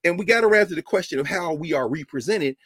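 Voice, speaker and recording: A man giving an impassioned lecture with a preacher-like cadence, repeating phrases for emphasis and swinging from low murmurs to loud, emphatic peaks. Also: animated, fast talker, husky, no room sound, clean studio sound. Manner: informal, with y'all and ain't. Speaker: lecturer speaking to a group.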